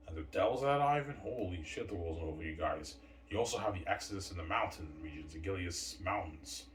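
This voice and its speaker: A man's voice: low voice, lively intonation, a little fast, a little hiss or hum. A man talking in a boastful, rambling monologue, peppered with "man" and "yeah". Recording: roomy distant mic with faint ambience.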